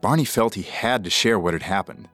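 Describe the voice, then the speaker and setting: A man with a very low voice tells a true story in scripted podcast narration. His delivery is measured and dramatic. Soft music plays faintly underneath. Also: animated, no echo.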